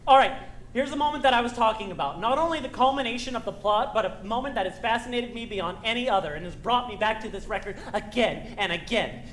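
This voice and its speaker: A woman's voice: a little high, lively intonation, fast, slight background noise, lightly acted. A woman playing a lonely middle-aged male musical fan, talking straight to the audience in a rambling, confiding way on a stage. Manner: confiding, rambling, wry asides. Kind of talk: stage play acting, direct address. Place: theater stage.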